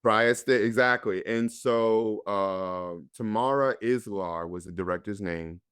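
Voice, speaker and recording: A man's voice: lowish voice, takes it slowly, a bit bright, smooth, dry recording, clean studio sound. A man from North Carolina, an actor guest, earnestly and candidly telling his own story in a conversation.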